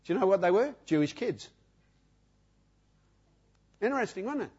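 A man's voice: very high-pitched, sing-song, fairly quick, long pauses, fairly bright tone, breathy edge. A man in his sixties with an Australian accent, preaching a sermon emphatically, repeating phrases and asking the congregation questions. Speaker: pastor. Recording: dull lo-fi sound.

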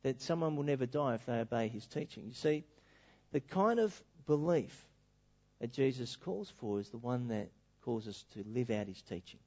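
A male preacher delivering a sermon in an animated, emphatic storytelling manner. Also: medium pitch, moderate pace. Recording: dull lo-fi recording.

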